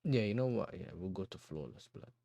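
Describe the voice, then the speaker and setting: A slangy, laid-back man hosts a football livestream and talks right to his chat. His voice sits fairly low, and the sound is dry and close with no room around it. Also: expressive, fairly quick, creaky, mellow, no echo, lo-fi sound.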